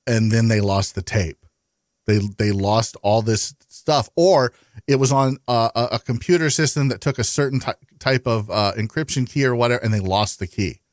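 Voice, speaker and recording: A man's voice: medium pitch, steady tone, moderate pace, dry recording, clean studio sound. A man ranting and telling profane stories as a guest in casual podcast banter.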